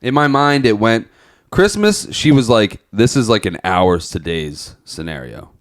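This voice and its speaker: A man's voice: lowish voice, lively intonation, unhurried. A young man on a podcast, telling a long personal story in a rambling, profane, casual way. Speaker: podcast co-host.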